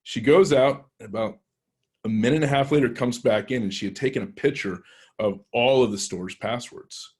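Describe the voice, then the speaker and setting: A man's voice: medium pitch, normal speed, darkish tone, husky. A man with a Texan accent, a penetration tester telling a story to a club, rambling and hesitant with many restarts. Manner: rambling anecdotal delivery, frequent hesitations and restarts. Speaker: penetration tester guest speaker.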